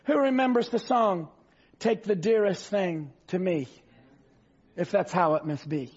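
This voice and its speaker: Captured on dull, lo-fi audio, this fervent male preacher speaks in a high, husky voice. His sermon swells into shouts, and he drawls passages of scripture slowly.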